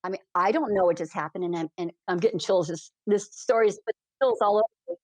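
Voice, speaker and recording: A woman's voice: medium pitch, no room sound. Heartfelt storytelling woman, dry close sound. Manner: animated, heartfelt, quick bursts of speech. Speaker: hot air balloon pilot, guest. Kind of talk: emotional storytelling in a podcast interview.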